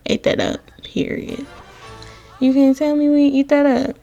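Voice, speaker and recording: Sassy, gravelly young woman narrating gameplay. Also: a little high, little pitch movement, moderate pace, dark tone. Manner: sassy, slangy, dramatic, addresses viewers as y'all. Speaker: gaming content creator. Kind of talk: casual gameplay voiceover commentary. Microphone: close voiceover mic.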